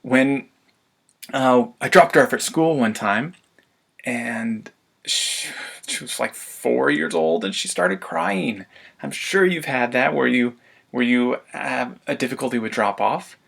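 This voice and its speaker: Man, mid pitch, gravelly, upbeat parenting coach who laughs a lot while presenting. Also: slow. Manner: lively, laughs often, acts out parent demands. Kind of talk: webinar presentation.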